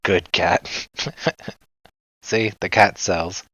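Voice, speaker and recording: A man with a Canadian accent runs a laid-back livestream, speaking very slowly in a low, slightly bright voice with fairly even intonation. The audio is dry and dull lo-fi, and he wanders between topics, joking and laughing often.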